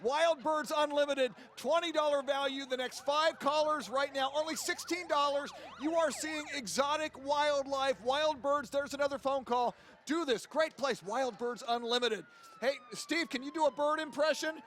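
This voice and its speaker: A man's voice: extremely high pitch, moderate pace, a bit bright. A man hosting a phone-in segment on a live television fundraiser, joking playfully and squawking bird calls between his lines.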